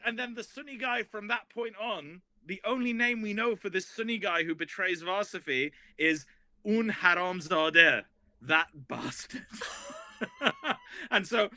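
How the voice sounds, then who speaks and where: A guest historian, a man with a high-sitting voice, tells a story in a casual, animated way. His telling rambles and restarts many times.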